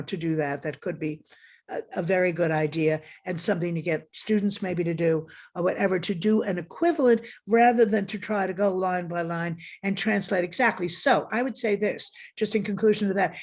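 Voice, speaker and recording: A woman's voice: on the low side, a little mellow. A woman guest critic in a conversational academic discussion, frank and digressive, often correcting herself as she talks over a video call.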